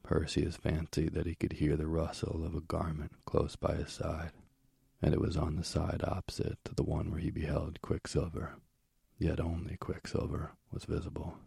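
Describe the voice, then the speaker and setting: A man reads a myth as an audiobook in a measured, steady way. His voice is extremely deep and husky. It stays dry and close. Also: dry recording. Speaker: narrator.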